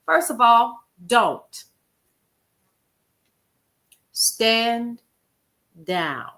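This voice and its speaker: Bright, lively woman livestreaming. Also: on the high side, normal speed. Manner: expressive, folksy, animated storytelling with chat shout-outs. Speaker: livestream host. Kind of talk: casual livestream talk to viewers.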